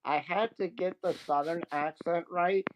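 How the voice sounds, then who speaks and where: A man's voice: a little high, steady tone, moderate pace, slight background noise, poor audio. Joking man from the Southeast. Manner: joking, laughs often. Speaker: guest debater. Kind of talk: casual live-stream chat.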